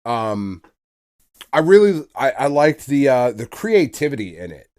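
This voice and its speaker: With a medium-pitched, sing-song, slightly mellow voice at a measured pace, a man co-hosts a podcast in loose, profane, casual banter. He laughs often as he chats.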